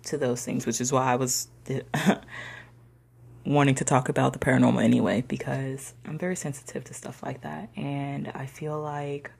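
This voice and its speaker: A young woman telling a personal story in a slangy, conversational way, sometimes dropping into soft whispers. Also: extremely low pitch, little pitch movement, moderate pace, gravelly, breathy edge. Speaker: discussion participant.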